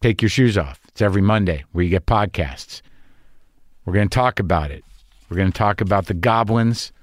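A man's voice: low-pitched, brisk, no echo. Man, podcast host, rambling comic monologue, anxious and profane, dry close-miked sound. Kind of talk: casual comedic monologue.

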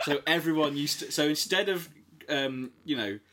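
A man from England co-hosting a casual podcast, animated and quick to laugh, with the odd swear word. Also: on the high side. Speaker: podcast co-host. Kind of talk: casual chat.

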